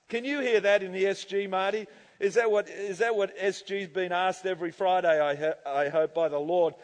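A male pastor preaching an animated sermon to his congregation, acting out people's reactions and laughing often. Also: high-pitched, normal speed. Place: church hall. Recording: church hall reverb.

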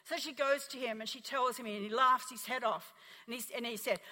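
An Australian woman preaches with a bright, forceful voice, telling her story with animated, emphatic rises. Her words ring out with a long reverb, as if from a big hall. She sounds like a pastor speaking from the pulpit. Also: a little high, brisk. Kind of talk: sermon.

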